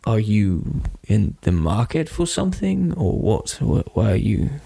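A man's voice: on the low side, sing-song, measured pace, vocal fry, warm tone, breathy edge, dry recording, exaggerated voice. Unimpressed elf woman archer, brusque; man voicing, no disguise. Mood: dismissive. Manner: brusque, dismissive. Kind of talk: tabletop role-play voice.

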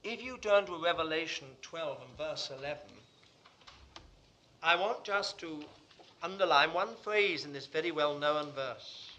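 A man preaching a sermon to a congregation in a room, fervent, swinging from hushed asides to loud declarations. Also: a little high, animated, a little slow.

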